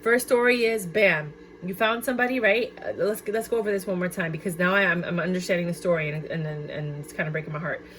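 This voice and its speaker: Woman tarot reader, casual and chatty, excitable and exclamatory. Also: lowish voice, fast talker, hardly any pauses, a little hiss or hum. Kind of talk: casual tarot card reading.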